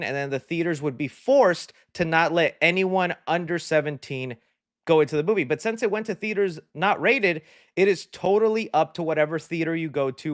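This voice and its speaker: A man's voice: no echo, clean studio sound. A young man hosting a live movie discussion stream, reading viewer comments in casual chat and laughing often. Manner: excitable, laughs often, animated shifts in pitch.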